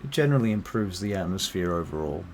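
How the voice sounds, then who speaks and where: A man's voice: low-pitched, animated, fast talker, vocal fry, slight background noise. A man running a tabletop game as game master, narrating with lots of hesitations and ums. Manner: hesitant, full of ums, chatty.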